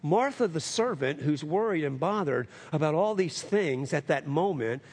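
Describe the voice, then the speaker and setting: Male pastor, husky voice, sermon delivery with big swings from loud to hushed. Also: expressive, normal speed. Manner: rising to emphatic highs, dropping to hushed lows; calls for amens from the congregation.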